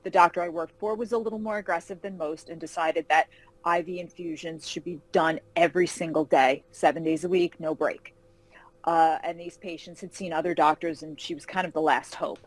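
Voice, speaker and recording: A woman novelist being interviewed over a video call, telling animated anecdotes and acting out quoted voices. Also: on the low side, fairly quick, poor audio. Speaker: fantasy novelist guest. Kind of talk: casual interview storytelling.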